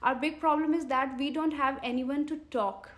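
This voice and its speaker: A woman's voice: high voice, steady tone, a bit bright. A woman in her thirties with an Indian English accent, coaching English learners on a live stream, coaxing viewers and reading their comments aloud. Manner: earnest, coaxing, repeats questions to viewers; pauses to read and answer viewer comments. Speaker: English teacher.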